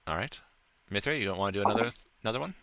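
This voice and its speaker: A man's voice: fairly low pitch, lively intonation, racing, a crowd in the background. A man running a tabletop game as game master, rambling through his narration with many fillers.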